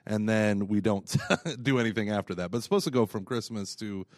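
A man's voice: lowish voice, fairly quick, darkish tone, dry recording. Dry, jokey male podcast co-host. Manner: jokey, laughs often, teasing. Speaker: podcast co-host, parish evangelization coordinator. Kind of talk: casual chat.

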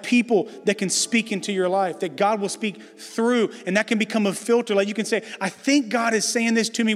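A middle-aged man preaching a sermon to a congregation, emphatic and conversational, with self-deprecating jokes. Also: sits high. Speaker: pastor. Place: large church hall before a congregation. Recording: reverberant hall with soft music behind.

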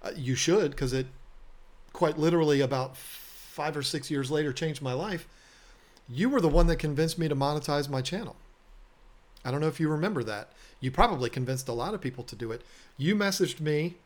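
Here an aquarium business owner hosting his podcast talks in a slightly high voice, a little fast. It's casual storytelling conversation, earnest and self-deprecating, with words repeated as he restarts.

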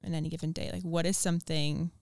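A woman co-hosting a podcast, relaxed, asking questions in a hesitant way full of "like". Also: low-pitched, quick pace, vocal fry, no room sound, studio quality. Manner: relaxed, hesitant phrasing with many likes. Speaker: podcast co-host. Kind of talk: casual conversational interview.

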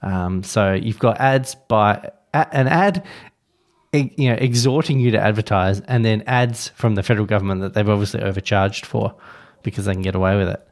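A man's voice: lowish voice, a little fast. A man, co-hosting a podcast in casual chat, wry and rambling with restarts. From Australia. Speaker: podcast co-host.

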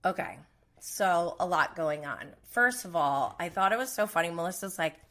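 Woman host for a casual live recap: bright, chatty, opinionated, mimics the people she quotes. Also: fairly low pitch, lively intonation, moderate pace.

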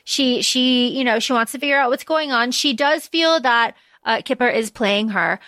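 A woman with a fairly high voice recaps a novel for her podcast in loose, chatty talk. She is blunt and swears now and then. The sound is close and dry, with no room echo. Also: normal speed, a bit bright. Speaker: podcast co-host. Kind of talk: casual book-discussion chat.

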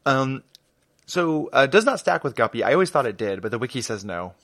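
A man co-hosts a podcast in loose, casual chat. He sounds tired and goofy and slips into silly bits, and his pitch bounces freely. The sound is dry and close on the mic. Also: very animated, a little fast, fairly bright tone, no echo. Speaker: podcast co-host.

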